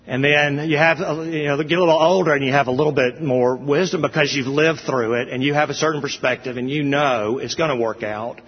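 A middle-aged man preaches with earnest conviction, building to emphatic peaks. His voice has a slightly husky edge. The sound is dull and carries the long echo of a church hall. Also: a little high, steady tone, brisk, few pauses. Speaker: pastor. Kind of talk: sermon.

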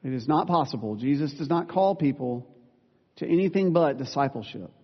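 A male pastor preaching a sermon, earnest and plain-spoken, with self-deprecating asides and quick corrections of himself. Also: medium pitch, animated, slightly rough. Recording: dull sound with long reverb in a large room.

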